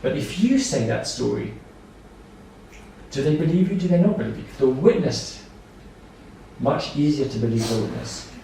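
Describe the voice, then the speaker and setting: A man gives a staff training lecture, explaining slowly and simply with repeated points and examples. His voice is dark and mellow. He is recorded from a distance in a very echoey room with faint background noise. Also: mid-range voice, animated, creaky.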